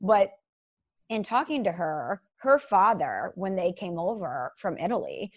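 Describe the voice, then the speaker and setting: A woman in her thirties, an earnest and animated storyteller, chatting casually as co-host. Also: fairly low pitch, unhurried. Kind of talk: casual chat.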